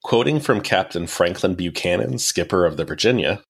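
Man, low voice, podcast host, casual history narration, wry asides. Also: lively intonation, moderate pace, vocal fry, breathy edge. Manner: wry, explanatory storytelling.

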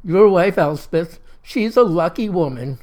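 A man voicing a drunk, overly sentimental middle-aged man who slurs and repeats himself, pitched a little higher than his own voice. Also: lively intonation, measured pace, darkish tone. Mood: tipsy, insistent. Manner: slurred, pushy, repeats himself.

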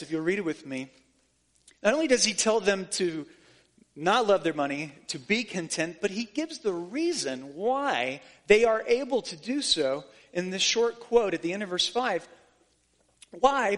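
A man's voice: a little high, fairly bright tone. A man preaching a sermon as pastor, earnest and emphatic, repeating phrases to drive points home.

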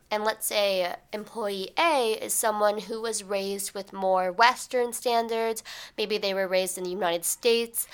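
Bright, chatty young woman podcaster. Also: mid-range voice, clean tone. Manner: casual, chatty, animated storyteller with many fillers. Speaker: podcast host. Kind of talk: solo podcast monologue.

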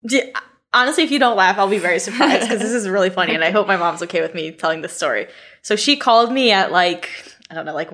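A young woman co-hosting a casual podcast, telling stories in a chatty way with lots of "like" and bursts of laughter. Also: fairly bright tone. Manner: chatty storyteller, heavy filler "like", breaks into high laughter. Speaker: podcast co-host. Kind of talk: casual chat.

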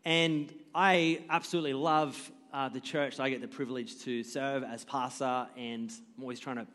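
A man's voice: mid-range voice, fairly even intonation, normal speed, fairly bright tone, long reverb tail. A man in his thirties preaching as a guest pastor, joking and self-deprecating as he tells stories about his family. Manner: jokey, self-deprecating storyteller. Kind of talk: sermon. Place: church stage.

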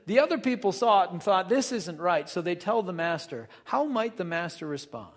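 A fairly high-pitched man leads a Bible study, reading verses and then unpacking them in relaxed, chatty asides. His voice hangs in a long, lingering reverb. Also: moderate pace. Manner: reads scripture then explains in loose conversational asides. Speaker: Bible teacher. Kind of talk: casual Bible study teaching.

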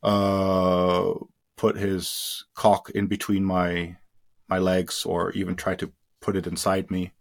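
Speaking in a low, gravelly voice with a completely flat delivery, an adult man who grew up in India gives personal testimony in an interview. He talks haltingly, using many fillers and restarts before trailing off quietly.

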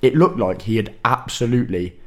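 A man co-hosting a podcast, telling animated stories in casual chat and swearing freely. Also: medium pitch, fairly quick. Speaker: podcast co-host.

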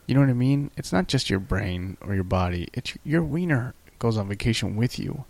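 A man's voice: on the low side, lively intonation, fairly quick, vocal fry, a little mellow, no room sound. A man co-hosting a casual podcast, rambling through profane stories and acting out the people he quotes. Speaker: podcast co-host. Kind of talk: casual crude chat.

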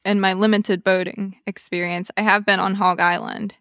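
Gravelly bright-voiced woman chatting. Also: medium pitch, flat delivery, normal speed, no room sound. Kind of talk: casual chat.

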